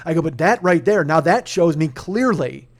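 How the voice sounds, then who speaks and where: A podcast host in his forties tells a story with plenty of swearing and mock outrage. His voice sits a little high for a man and keeps rising into shouted rants. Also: lively intonation, normal speed. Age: 40s. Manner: profane ranting that climbs into shouting. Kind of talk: casual comedic storytelling.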